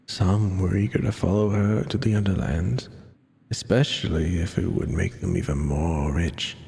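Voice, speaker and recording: A man reading game dialogue aloud, voicing a weary, withered ghost with a tired, gravelly voice and a slow, heavy delivery. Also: warm tone. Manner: slow, heavy storybook reading with low sinking tones. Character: weary withered ghost, echo of a dead sailor.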